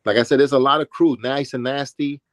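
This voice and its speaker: A man with a New York accent spins loose, rambling stories from the old days, starting over mid-sentence and quoting people as he goes. His voice sits at an ordinary middle pitch. The recording is close and dry, with almost no room sound. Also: steady tone, fairly quick, a bit bright, no echo. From Brooklyn, New York. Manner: rambling, with restarts and acted-out quotes. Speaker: interviewee, former b-boy. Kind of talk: casual storytelling interview.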